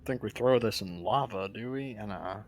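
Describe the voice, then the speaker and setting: Player, man, lowish voice, hesitant musing, faint background noise. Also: a little fast. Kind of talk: casual tabletop game chat.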